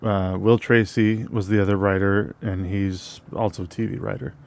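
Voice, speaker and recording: A man's voice: fairly low pitch, flat delivery, normal speed, vocal fry. A man co-hosting a film podcast, laid back, running through crew credits in casual chat. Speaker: podcast co-host.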